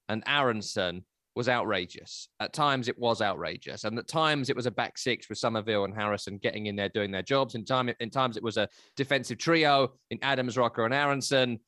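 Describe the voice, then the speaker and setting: A man, hosting a casual football analysis chat, chatty and animated. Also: medium pitch, no room sound, studio quality. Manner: animated, chatty, breaks into silly voices. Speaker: football podcast host.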